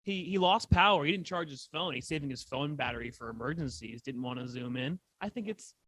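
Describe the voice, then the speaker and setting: A man's voice: a little high, lively intonation, a little fast, fairly bright tone, slight background noise. A man who produces a podcast, joking in a mock-indignant way.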